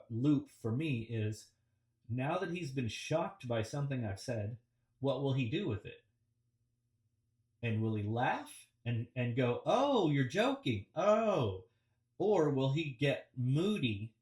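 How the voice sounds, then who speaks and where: A man gives a relaxed, reflective coaching talk about public speaking on a video call, often pausing with ums and restarting his sentences. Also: medium pitch. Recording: roomy and distant from the mic.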